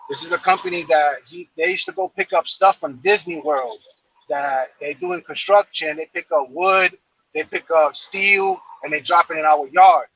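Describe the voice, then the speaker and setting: A man's voice: on the high side, moderate pace, fairly bright tone, breathy edge, lo-fi sound. A man from New York casually telling a long, rambling story, full of fillers and repeated phrases.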